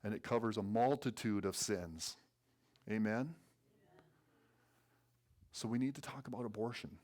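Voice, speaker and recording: A man preaching a sermon as a guest speaker in a church, earnest and sometimes quickening with excitement. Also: on the low side. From North Dakota. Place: church sanctuary.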